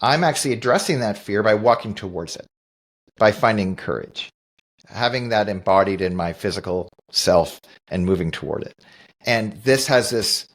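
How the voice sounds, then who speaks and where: A man's voice: lowish voice, normal speed. A middle-aged man co-hosting a podcast, telling a personal story in an earnest, reflective way and often restarting his sentences. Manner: earnest, thoughtful, with frequent restarts. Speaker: podcast co-host. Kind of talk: reflective storytelling in casual conversation.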